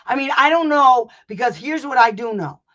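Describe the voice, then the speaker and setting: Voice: high voice, expressive, moderate pace, sharp tone, dull audio. An advocate coaching parents in an informal online session, blunt and emphatic, swearing, laughing and hammering points home through repetition and acted-out exchanges. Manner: blunt, brash and emphatic, with profanity and frequent laughs.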